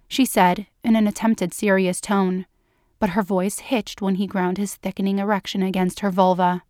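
A woman narrating a written story in a slow, measured reading. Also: mid-range voice, flat delivery, a little mellow, no room sound, studio quality.

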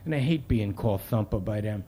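A man's voice: fairly low pitch, animated, fairly quick, mellow, husky, voice pushed down. A man reading aloud in the voice of a brash, defensive city cop telling a story in street slang. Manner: tough street slang, profane, rambling.

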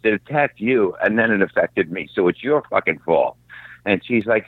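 A man telling a profane, animated rant in casual chat. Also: lowish voice, brisk, breathy edge, dry recording. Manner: profane, ranting, animated storyteller. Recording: tinny phone-like line, dry.

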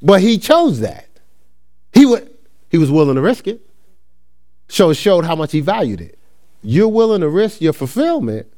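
Animated man teaching a Bible class. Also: on the high side, moderate pace, long pauses. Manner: reads scripture aloud, then explains with personal stories; restarts sentences and asks listeners "right?". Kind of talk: conversational Bible study teaching.

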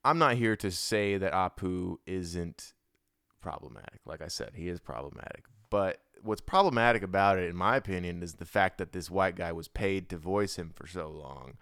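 A young man with a very deep, smooth voice, rambling loosely through casual podcast talk with plenty of slang. He is close on a dry studio mic, with no room sound at all. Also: expressive, normal speed, fairly bright tone, dry recording. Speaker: podcast host.

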